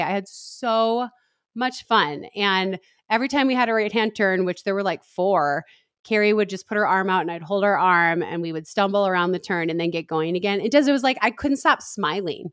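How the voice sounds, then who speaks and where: A middle-aged woman co-hosting a podcast, chatting casually and telling a story with lively quoted voices. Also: dry recording, studio quality. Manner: animated storytelling, acting out quotes in a high voice. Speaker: podcast co-host. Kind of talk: casual chat.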